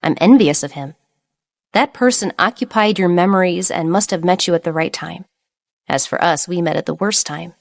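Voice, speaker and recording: A woman voicing a kind, timid young gentleman who speaks softly and pleasantly. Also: lowish voice, natural voice. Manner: soft, pleasant and slow.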